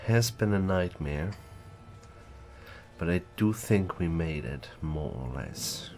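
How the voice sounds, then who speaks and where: A man's voice: sits low, animated, takes it slowly, darkish tone, a little hiss or hum. A man with a groggy just-woke-up voice, rambling casually while streaming a game. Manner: rambling, loose, swears casually. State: groggy morning voice. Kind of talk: casual gaming stream chat.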